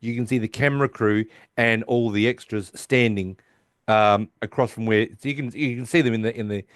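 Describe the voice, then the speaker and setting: Fairly quick and fairly even in intonation, a podcast host with a low-leaning voice rambles through a TV episode recap, full of restarts and imitated lines. The recording is dry and studio-clean.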